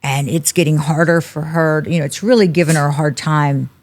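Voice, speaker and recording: A woman's voice: low voice, a little fast. A middle-aged woman, a podcast guest telling a personal story and acting out the people in it. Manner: animated storyteller acting out quoted dialogue. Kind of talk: storytelling interview.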